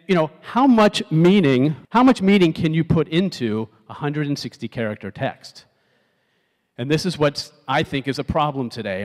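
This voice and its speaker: A middle-aged man giving a conversational talk on stage to a youth audience, asking the crowd questions and acting out text messages in different tones. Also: on the high side. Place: large auditorium. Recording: long hall reverb from the auditorium.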